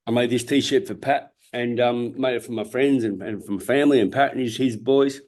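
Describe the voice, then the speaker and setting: A man's voice: medium pitch, steady tone, normal speed, a little mellow. A man in his fifties with an Australian accent, telling his story as an interview guest in a candid, earnest way, swearing freely and often restarting his sentences. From Perth, Australia. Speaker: guest, former world champion boxer.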